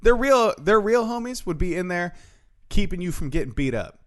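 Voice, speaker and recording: Animated, high-voiced male podcast co-host. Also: moderate pace. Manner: animated storytelling, heavy swearing. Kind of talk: casual chat.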